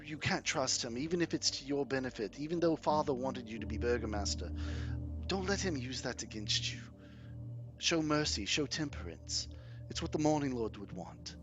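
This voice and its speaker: Dude doing a quiet troubled young noblewoman, halting and pleading, music under it. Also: mid-range voice, natural voice. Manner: soft, hesitant, pleading.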